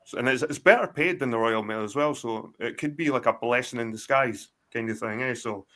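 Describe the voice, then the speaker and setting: A man's voice: medium pitch, a little fast, sharp tone. A Scottish man in his forties, a guest in a casual chat, telling rambling, profane stories full of restarts over a video call. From Scotland. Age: 40s.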